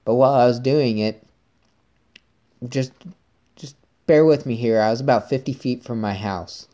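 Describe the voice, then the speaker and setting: A man hosts his own podcast and rambles through a story in an upbeat, chatty way. His voice is mellow and relaxed, sitting in a middle pitch. He talks to his listeners like friends. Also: normal speed. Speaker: podcast host. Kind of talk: casual solo podcast monologue.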